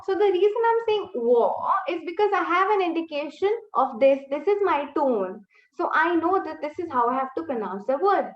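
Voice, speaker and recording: Woman language teacher on a video call, high animated voice, slow patient delivery, echoey dull stream audio. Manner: slow, drawn-out modelling of tones for repetition. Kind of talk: live online language lesson.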